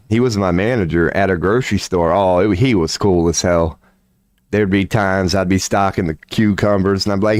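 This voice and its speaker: A man chatting casually on his livestream, candid and profane, telling animated stories and acting out the voices of the people in them. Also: on the low side, no echo, clean studio sound. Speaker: tarot reader and streamer.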